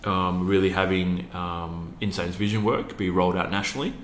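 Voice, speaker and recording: An Australian man with a low, deep voice, earnest and hesitant, peppering his story with ums. The room is echoey, with a faint hum underneath. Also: steady tone, normal speed. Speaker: interview guest, youth program founder. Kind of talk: casual storytelling in an interview.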